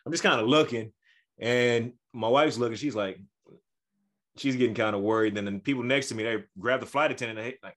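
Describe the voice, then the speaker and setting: A man co-hosting a podcast, telling a travel story in a casual, animated way and acting out the people he quotes. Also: mid-range voice, brisk. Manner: animated, acts out quoted voices. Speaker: podcast co-host.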